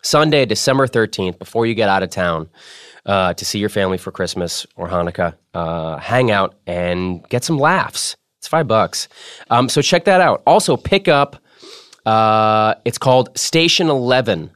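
A man's voice: fairly low pitch, animated, normal speed, a bit bright, clear, resonant tone, no room sound, clean studio sound. A man hosting a podcast in a casual chat style, playful and self-mocking as he jokes with his producer. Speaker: podcast host.

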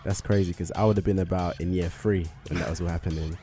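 A man's voice: low voice, steady tone, quick pace, mellow, faint music behind. A man hosting a radio show from a studio, chatting and joking casually with his guest. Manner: chatty, joking, laughs easily.

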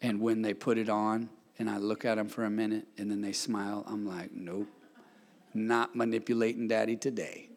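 A middle-aged man preaching a sermon as pastor, swinging from hushed tones to shouted calls for the congregation to answer. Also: fairly low pitch, monotone, a little fast, hardly any pauses, big-room sound. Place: church sanctuary.

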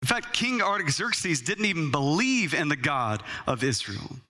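A male pastor preaches in a lively, conversational way and acts out short exchanges as he talks. His voice sits high and sounds clear and ringing. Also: moderate pace. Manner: animated, conversational preaching with acted-out dialogue. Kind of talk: sermon.

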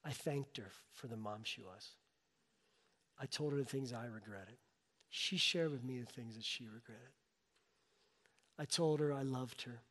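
A man's voice: medium pitch, unhurried, pauses often, fairly bright tone. A middle-aged male pastor preaching a sermon, telling a personal story with rising and falling emotional intensity. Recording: long reverb of a large hall.

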